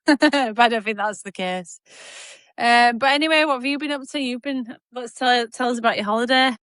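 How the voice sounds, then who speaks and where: This podcast co-host speaks at normal speed in a slightly high, somewhat bright voice. Her casual chat is chatty, rambling, and self-deprecating, full of easy laughter, and the studio sound is clean with no room noise.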